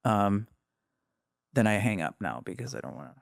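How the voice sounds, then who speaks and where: A man's voice: fairly low pitch, sing-song, normal speed, vocal fry, dry recording, studio quality. Hesitant, rambling man chatting. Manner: rambling, hesitant, restarts sentences. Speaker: guest, host's husband. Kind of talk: casual chat.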